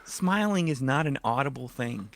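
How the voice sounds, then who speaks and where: A man co-hosting a podcast in casual chat, teasing with deadpan jokes. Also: medium pitch, normal speed, no echo, clean studio sound. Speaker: podcast co-host.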